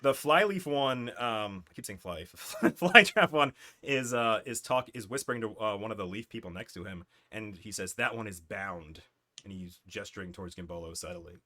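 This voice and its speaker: A man's voice: on the low side, normal speed, few pauses, pushed and bright. A man narrating a tabletop game as game master, loose and chuckling, correcting himself as he goes.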